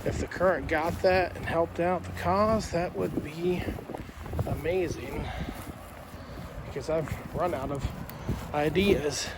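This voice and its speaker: Outdoor vlogger, male, excitable, chatty with viewers, slightly high voice; handheld mic, traffic noise behind. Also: slow, pauses often. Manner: excitable, exclaims and talks to viewers as "you guys". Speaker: magnet fishing vlogger. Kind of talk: casual vlog talk to camera. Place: outdoors by flooded water in a park. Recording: outdoor noise with passing cars.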